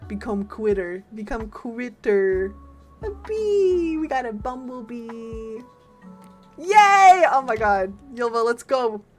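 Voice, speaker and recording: A woman streamer giving casual, chatty gameplay commentary, reacting loudly and talking to her chat and her game's followers. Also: fairly high pitch, big pitch swings, slow pace, faint music behind.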